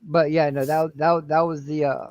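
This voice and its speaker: A man's voice: on the high side, flat delivery, normal speed, darkish tone, dry recording, dull audio. A man chatting casually on a review panel, hesitant and repeating himself, swearing when teased. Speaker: podcast panelist. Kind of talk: casual chat.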